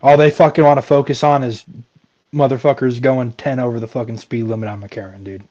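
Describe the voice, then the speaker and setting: Dark-voiced ranting man, off-mic and muffled. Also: medium pitch, fairly even intonation, a little fast. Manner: ranting, profane, stumbling, says "dude" a lot. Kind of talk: casual chat.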